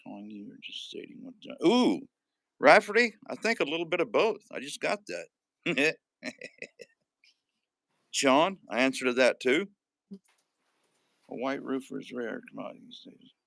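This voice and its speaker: A man's voice: medium pitch, big pitch swings, a little slow, creaky, long pauses, fairly bright tone, dry recording. A man hosting a live stream in casual chat, joking and reading out viewer comments. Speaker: livestream host.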